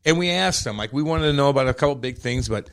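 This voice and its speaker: A young man with a St. co-hosts a podcast in an easy, casual chat. He swears constantly and piles on rapid, animated stories. His voice sits in a middle range. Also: medium pitch. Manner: profane, animated storytelling. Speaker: podcast co-host.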